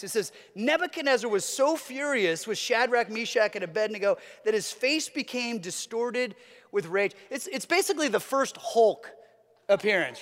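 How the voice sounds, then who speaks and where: A man's voice: high voice, fairly bright tone, in a large hall. A man preaching a sermon as a pastor, earnest, with a repetitive, building cadence.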